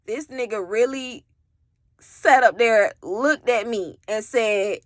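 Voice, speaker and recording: A woman's voice: on the high side, animated, a little slow, no room sound. A young adult woman telling her own story in a rambling, candid way, full of "like" and casual swearing.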